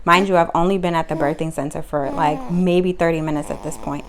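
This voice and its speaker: A young woman, telling her own story to camera in casual vlog style, acting out what people said. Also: a little fast. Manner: animated, acts out quotes with sudden high pitch jumps.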